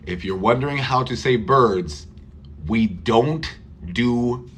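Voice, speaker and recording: Slow, lively male English teacher. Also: medium pitch, a little hiss or hum. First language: Spanish. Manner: slow, repeats words for learners. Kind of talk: live online pronunciation lesson.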